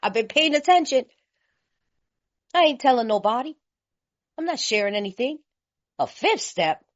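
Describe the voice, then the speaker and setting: At a recovery meeting, a woman from California tells her story in a slightly high, lively voice at a moderate pace, laughing often and speaking loosely and colloquially. The audio is a bit muffled and lo-fi.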